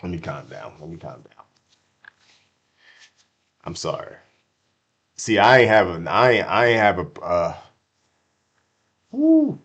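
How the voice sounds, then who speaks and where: A man giving casual, slangy crypto market commentary to his chat, swinging from hyped shouts to hushed apologies and repeating himself. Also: low-pitched, huge pitch swings, a little slow, long pauses. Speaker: crypto streamer.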